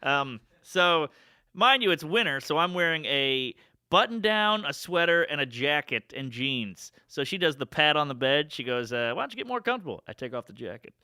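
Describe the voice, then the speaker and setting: A man's voice: on the high side, moderate pace, clear, resonant tone, dry recording, studio quality. A man telling a funny story in casual chat, acting out the people he quotes. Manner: animated, acts out quoted lines. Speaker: storyteller guest.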